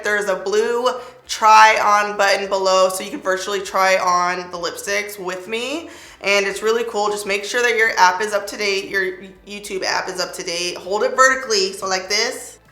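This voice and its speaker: A woman's voice: medium pitch, bright, forceful tone. A young woman doing a chatty makeup tutorial, talking playfully through each step as she works. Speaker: beauty vlogger. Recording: roomy echo, faint music.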